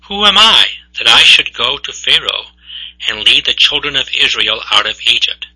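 A man reading scripture aloud and then preaching a homily in a slow, deliberate liturgical manner. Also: mid-range voice, very animated, sharp tone, husky, rough recording.

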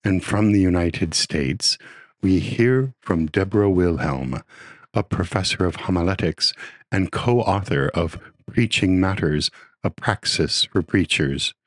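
A man's voice: deep voice, animated, a little slow, no echo. A man hosting a devotional program, giving a formal scripted introduction. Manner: formal announcer delivery. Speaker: program host.

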